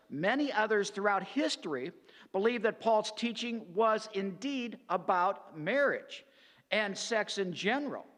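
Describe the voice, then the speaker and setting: A man teaching a Bible class as pastor, deliberate, with frequent "uh" fillers and restarts. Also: sits high, fairly bright tone, long reverb tail. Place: church sanctuary.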